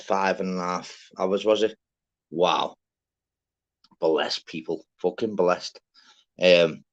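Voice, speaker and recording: A man hosting a live stream, giving rambling, swear-filled shout-outs to listeners in a casual chat. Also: sits low. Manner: chatty, swears freely, rambling. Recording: dull lo-fi sound.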